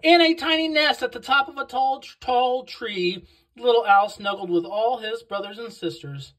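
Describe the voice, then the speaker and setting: A woman reading a picture book aloud to children, slow and expressive on the sound words. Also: a little high, rough recording. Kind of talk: read-aloud storytelling for children.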